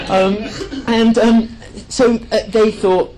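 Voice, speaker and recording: A man's voice: high-pitched, animated, drawn-out words, a little mellow, slight background noise, poor audio. A man giving an enthusiastic presentation to a live audience, chatty and full of fillers and restarts. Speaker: speaker at a live talk.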